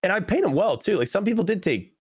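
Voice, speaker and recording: Fast-talking young man telling stories. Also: slightly rough, no room sound, studio quality. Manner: animated storyteller, acts out quotes with big pitch jumps. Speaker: podcast guest. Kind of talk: casual podcast chat.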